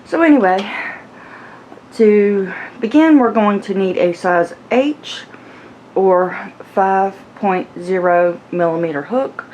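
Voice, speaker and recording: A woman's voice: mid-range voice, expressive, slow pace, a little mellow, poor audio. Woman, crochet tutorial host, slightly out of breath, chatty, self-mocking, faint background hiss. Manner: chatty, rambling, laughs at herself. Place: home, sitting on the floor.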